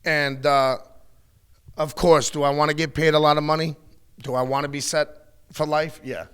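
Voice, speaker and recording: Middle-aged man, slightly high voice, blunt and profane, animated storyteller. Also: normal speed, smooth. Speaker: wrestling guest. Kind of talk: candid interview talk.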